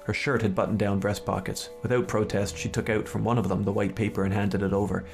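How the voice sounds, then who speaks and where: A man hosting a podcast, chatting casually and reading a story aloud in a steady, measured way. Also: lowish voice, gravelly, faint music behind. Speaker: podcast host.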